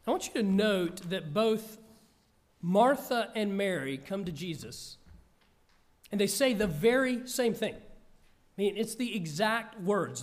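Male preacher, earnest scripture reading, high voice, deliberate pace. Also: sing-song. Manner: slow, measured, earnest delivery.

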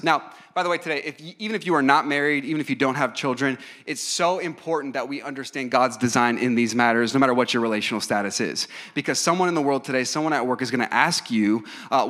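A man's voice: medium pitch, bright, forceful tone. A man in his thirties preaching a sermon in an earnest, emphatic way, with frequent fillers and restarts. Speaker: pastor.

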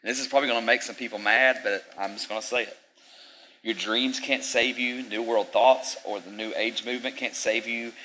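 A man's voice: mid-range voice, fairly even intonation, a little fast, bright, forceful tone, a little hiss or hum, rough recording. A male pastor preaching a sermon in an emphatic, repetitive style with conversational asides.

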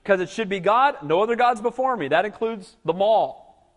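A male pastor preaching a sermon in a lively, conversational way, often calling out "Amen?" to the congregation. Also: high-pitched, normal speed, big-room sound. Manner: animated, conversational preaching with frequent "Amen?" calls.

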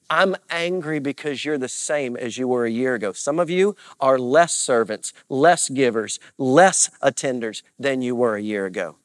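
A man's voice: medium pitch, normal speed, hardly any pauses, no echo. A man preaching as a pastor, earnest and confessional, with repeated phrases and rising bursts of emphasis. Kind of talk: sermon.

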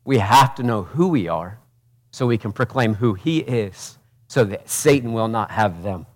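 A man, a pastor, preaching a passionate sermon, swinging from loud urgent peaks to quiet intimate asides and asking the congregation direct questions. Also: lowish voice, expressive, measured pace. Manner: preaches with rhetorical questions and acted quotes.

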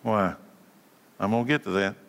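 Guy preaching a lively sermon, bright voice, big echoey hall, keeps repeating stuff and quizzing the crowd. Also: on the low side, normal speed, creaky. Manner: emphatic, repeats key words, asks the audience questions. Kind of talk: animated sermon.

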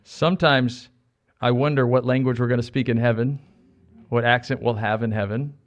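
A middle-aged American man preaches a sermon. He sits in a mid range for a man's voice, and he is animated, joking with the congregation and repeating short phrases to drive each point home. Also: medium pitch, normal speed, dull audio. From United States. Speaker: pastor.

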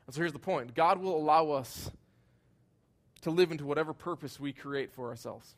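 A man preaching a sermon, earnest and emphatic, his voice swelling loud at high points and sinking soft and low at others. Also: moderate pace. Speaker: pastor.

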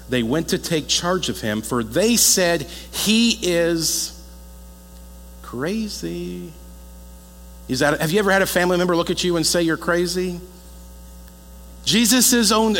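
Jokey pastor preaching in an echoey hall. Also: male voice, mid-range voice. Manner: lively, conversational, jokes with the congregation. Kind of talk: sermon. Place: church hall. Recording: echoey hall with faint mains hum.

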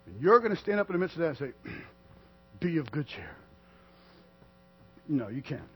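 A man preaching a sermon to a congregation, swinging from loud declarations to quiet asides. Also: fairly high pitch, sing-song, brisk, husky, low-quality recording. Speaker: pastor.

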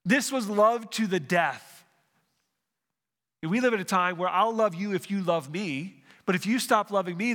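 Bright high-voiced man preaching. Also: long reverb tail. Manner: restarts phrases, asks the congregation questions. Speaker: pastor. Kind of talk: sermon.

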